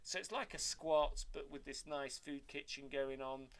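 A man's voice: medium pitch, measured pace, smooth. An older man telling rambling anecdotes in casual chat, cursing freely. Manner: lively rambling storyteller, swears freely.

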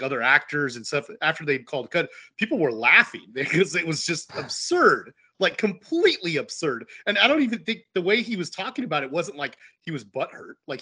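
A man's voice: on the high side, pushed and bright, husky. A man co-hosting a movie podcast, chatting loosely and recalling an interview he saw. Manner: chatty, laughing asides, loose recollection. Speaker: podcast co-host. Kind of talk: casual movie discussion.

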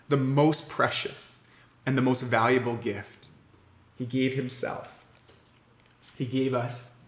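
A man in his thirties preaching a sermon as pastor, earnest and warm, slowing down with emphatic pauses on key words. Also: mid-range voice. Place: church sanctuary. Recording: echoey room.

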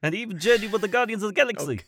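A man voicing a gentle, chatty rock-bodied alien man with a New Zealand accent, rambling like a storyteller. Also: sits high, expressive, rapid-fire, pitched above the performer's own voice. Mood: friendly.

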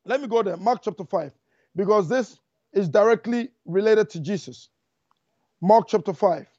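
A man preaching a fervent sermon, talking fast and repeating lines for emphasis. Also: sits high, warm tone, dry recording. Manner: fast, rushing delivery. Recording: dull lo-fi dry recording.

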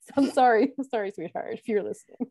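Casual podcast co-host, woman in her forties, expressive storyteller who acts out quotes and laughs a lot. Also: fairly high pitch, fast, gravelly, breathy edge. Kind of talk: casual chat recapping a TV show.

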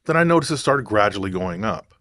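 A man's voice: fairly low pitch, very animated, brisk, a bit bright, no echo, clean studio sound. A man talking casually to camera in a rambling, digressive way, thinking aloud as he goes. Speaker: vlogger.

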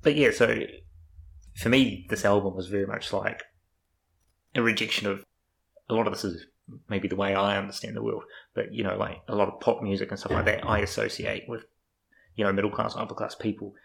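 A man's voice: fairly low pitch, flat delivery, brisk, vocal fry, fairly bright tone, low-quality recording. A young man from New Zealand in casual, rambling chat, swearing freely as he talks about life abroad.

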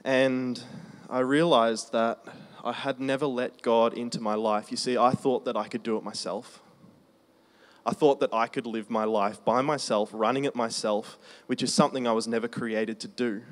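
A man preaching a testimony sermon in a conversational storytelling way, slowing down for emphasis. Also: mid-range voice. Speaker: preacher sharing his testimony.

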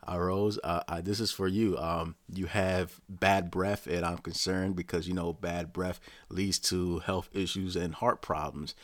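A man doing a bumbling suitor who stumbles through every sentence, with a low, heavy voice. The words come out halting and unsure. His own deep tone stays underneath. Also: flat delivery, no room sound. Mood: earnest. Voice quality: hesitant, halting. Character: awkward clumsy male reality-show suitor.

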